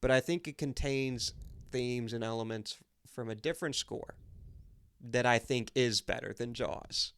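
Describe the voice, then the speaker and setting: A man's voice: mid-range voice, steady tone, a bit bright, smooth. A man co-hosting a podcast, chatting casually and emphatically about a film, often restarting his sentences. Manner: enthusiastic, emphatic, with quick restarts. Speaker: podcast co-host. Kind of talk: casual movie chat.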